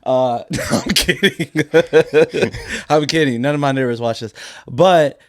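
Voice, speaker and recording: A man's voice: medium pitch, takes it slowly, no room sound, clean studio sound. A man co-hosting a podcast, joking and teasing in crude casual banter. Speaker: podcast co-host. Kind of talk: casual chat.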